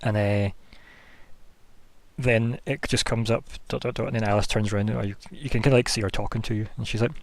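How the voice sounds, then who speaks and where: A man's voice: fairly low pitch, fairly even intonation, a little fast, vocal fry, no echo. A man narrating as game master of a tabletop game, rambling through scene descriptions with lots of fillers.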